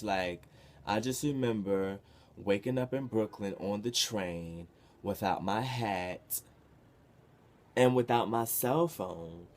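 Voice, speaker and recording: A young man tells a wild story from his past to the camera. His voice sits fairly low, and he swings from muttering to loud, profane outbursts. It has the feel of a casual vlog. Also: slow pace. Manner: animated, profane, expressive with sudden loud bursts. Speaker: vlogger.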